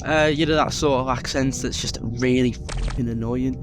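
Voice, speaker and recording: British guy ranting and swearing over loud backing music. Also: medium pitch, fairly even intonation, normal speed. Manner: exasperated swearing rant. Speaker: narrator. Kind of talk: ranting commentary.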